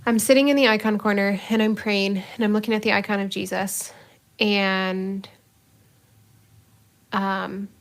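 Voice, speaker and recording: Earnest, self-mocking religious sister. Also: female voice, medium pitch, fairly even intonation, unhurried, long pauses. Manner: earnest, self-mocking, breaks into laughter, many fillers. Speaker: religious sister, podcast co-host. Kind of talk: casual podcast conversation, personal story.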